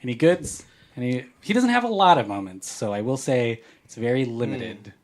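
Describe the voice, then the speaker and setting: A podcast host with a mid-range voice speaks expressively at a moderate pace. He chats casually and reads listener mail in a playful, jokey, rambling manner.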